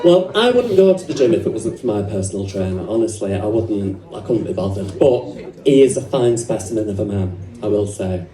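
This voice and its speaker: A woman's voice: very deep voice, lively intonation, a little fast, voice pushed down. A woman with an English accent performing live stand-up as a brassy, cheeky female nurse character, teasing the audience with bawdy jokes. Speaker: stand-up comedian. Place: comedy club stage. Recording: roomy live venue from far off, crowd laughter.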